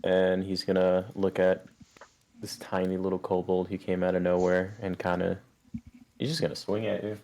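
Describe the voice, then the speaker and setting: A man narrating as game master in a relaxed, plain-spoken way. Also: deep voice, normal speed.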